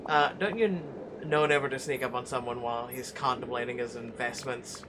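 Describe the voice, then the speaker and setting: A man's voice: mid-range voice, brisk, noisy background, close to an everyday voice. A man doing Scrooge McDuck, a brash old Scottish duck. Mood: blustering. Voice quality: hammy put-on Scottish brogue. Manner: reads game dialogue aloud in a loud, lively put-on voice. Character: miserly old Scottish duck tycoon, boastful and money-mad. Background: game music.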